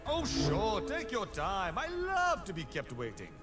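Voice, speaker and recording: Grand heroic fantasy champions. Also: male voice, high-pitched, wildly swooping pitch, unhurried, full character voice. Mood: sarcastic. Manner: grand, declaiming one-liners. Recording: game voice clips, distant, under loud music.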